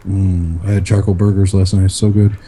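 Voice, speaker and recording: A man co-hosting a casual online chat, telling stories with lots of fillers and pauses. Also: sits low, level tone, dark tone, slight background noise. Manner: rambling storyteller, many fillers. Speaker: podcast co-host.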